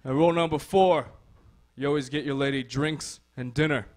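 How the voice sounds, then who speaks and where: A man's voice: on the high side, fairly even intonation, normal speed, natural voice. A man voicing King Arthur as a blunt, crude leader with a Brooklyn accent, laying down rules to his knights. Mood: bossy.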